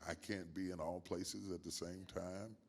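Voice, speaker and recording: With a low-pitched, steady tone, an older man serving as guest pastor responds to interview questions. His delivery is measured and emphatic like a sermon, with repeated phrases.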